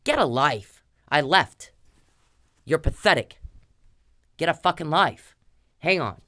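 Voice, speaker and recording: Brief: low-pitched woman, furious profane vlog rant, blunt and scolding. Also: lively intonation, slow pace, sharp tone. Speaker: vlogger. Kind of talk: angry direct-to-camera rant.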